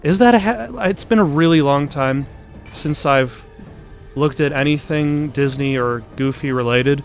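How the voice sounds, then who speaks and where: A young man, out of breath, rambling through casual gameplay commentary with many ums and uhs. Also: a little high. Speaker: let's play host.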